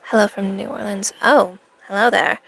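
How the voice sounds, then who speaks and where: Brief: woman streamer, in-character cosplay chat, sarcastic rambling banter, vocal fry. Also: medium pitch, fairly even intonation, moderate pace, fairly bright tone.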